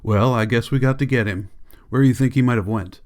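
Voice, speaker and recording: A man voicing a calm, respected lead ranch hand with a quiet, low rural drawl. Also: fairly quick, lightly acted. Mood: somber.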